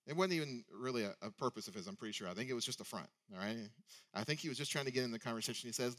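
A man's voice: mid-range voice, animated, very fast, a bit bright. A male preacher giving a sermon in a conversational way, often asking rhetorical questions.

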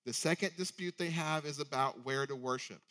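A man's voice: on the high side, moderate pace, bright, forceful tone. A male preacher giving a sermon in a conversational way, often asking rhetorical questions.

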